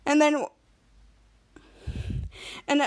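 A woman hosting a podcast speaks very slowly while giving a casual, animated recap of a TV episode. She acts out the characters' quoted lines as she goes.

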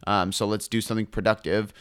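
A young man and fitness trainer, talking fast and animated in a casual podcast chat and swearing freely. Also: fairly low pitch, smooth, no room sound, studio quality.

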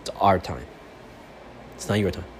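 A man's voice: deep voice, animated, moderate pace. A man hosting his own sports fan podcast, delivering a profane, fired-up monologue. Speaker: podcast host. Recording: faint background noise.

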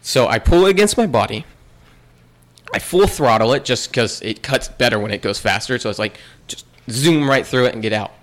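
A man's voice: mid-range voice, animated, normal speed. A young man in casual chat, telling a long story with many restarts and bursts of laughter.

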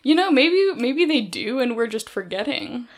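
A woman's voice: a little high, big pitch swings, normal speed. A woman co-hosting a podcast, chatting casually and animatedly, laughing often. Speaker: podcast co-host. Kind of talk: casual chat.

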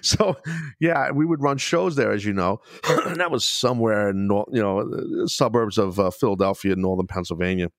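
A middle-aged man with a low voice tells stories in a loose, animated, heavily profane way, often breaking into laughter. He sits close to a dry microphone. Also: normal speed, dry recording. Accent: New York. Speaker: podcast host, former wrestler. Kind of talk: casual storytelling chat.

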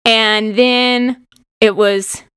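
A woman's voice: fairly high pitch, fairly even intonation, drawn-out words, a bit bright, clear, resonant tone, no echo. Chatty woman from Oklahoma, dry sound. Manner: chatty, explains trivia. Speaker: teacher co-host. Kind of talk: casual chat.

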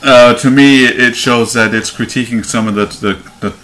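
Talking through a movie in a relaxed way, this reviewer performs scenes in assorted character voices with plenty of animation. His voice is mid-range and his pace normal.

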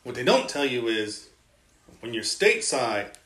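A man's voice of ordinary pitch spins army yarns in a relaxed, chatty way, slipping into the voices of the people in his stories. He sounds like he is in a room with plenty of echo. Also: unhurried. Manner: lively storyteller, quotes others in his tales. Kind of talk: casual storytelling. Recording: roomy echoing room.

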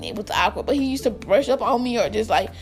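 A young woman spins a storytime for her viewers with a high, bright voice that swoops up and down all the time. She keeps turning to the audience, and she laughs often. Soft music plays faintly underneath. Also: lively intonation, fast talker. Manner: chatty, addresses viewers directly, laughs often. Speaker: vlogger. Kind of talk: casual storytime vlog.

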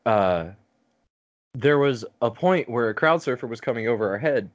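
A man's voice: mid-range voice, expressive, moderate pace, highs cut off. A man on a podcast telling a long story in casual chat, rambling with lots of fillers and swearing.

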